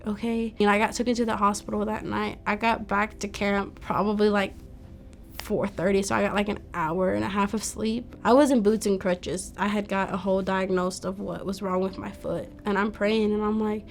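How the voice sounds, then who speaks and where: A woman's voice: medium pitch, steady tone, moderate pace, slight background noise. Young woman telling her story. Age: young adult. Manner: casual storytelling, quotes herself, fillers like "like". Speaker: testimony speaker. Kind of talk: personal testimony.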